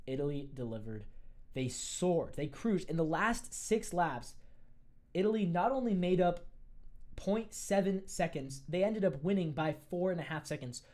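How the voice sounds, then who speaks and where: A sports podcast host giving casual, opinionated commentary in quick bursts, often restarting sentences. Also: medium pitch, darkish tone.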